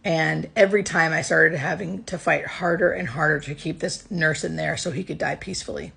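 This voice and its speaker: A woman's voice: low-pitched, steady tone, brisk, gravelly, a bit bright, husky. A woman who works as a hospice nurse, earnestly telling a personal work story in a casual way, close to tears.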